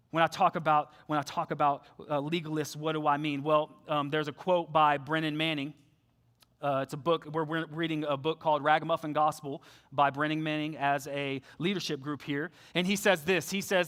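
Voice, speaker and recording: Young man, preacher, sermon, high voice, chatty storytelling, soft hushed appeals. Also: fairly even intonation, moderate pace. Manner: conversational storytelling, drops to soft hushed tones when making appeals. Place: church sanctuary.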